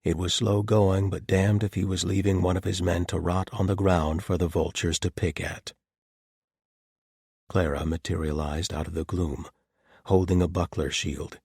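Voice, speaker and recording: Low, husky male audiobook narrator. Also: darkish tone, dry recording, studio quality. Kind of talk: scripted narration.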